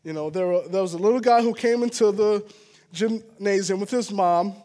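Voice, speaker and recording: Very high-voiced man preaching casually. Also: moderate pace, dark tone. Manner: casual and earnest, with frequent "all right?" asides. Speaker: pastor. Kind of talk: conversational sermon.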